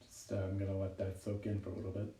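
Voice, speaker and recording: A man's voice: sits low, completely flat delivery, fast, warm tone. A man doing a live-streamed stand-up monologue from home during quarantine, rambling and self-deprecating and laughing often at his own jokes. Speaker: stand-up comedian. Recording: roomy, distant home recording with faint noise.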